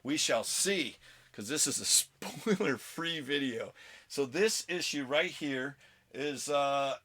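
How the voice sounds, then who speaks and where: A man's voice: medium pitch, expressive, slow, sharp tone. A man hosting a casual comic book collecting vlog at home, rambling and chatty with self-mocking asides. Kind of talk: casual show-and-tell vlog.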